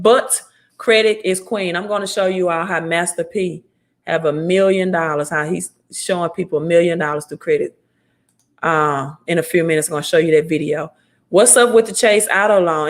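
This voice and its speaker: A woman from Mississippi with a Southern accent, hosting a credit repair livestream and answering viewer comments in a blunt, no-nonsense way. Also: fairly low pitch. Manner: blunt, scolding, talks straight to viewers. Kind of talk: casual livestream talk reading viewer comments.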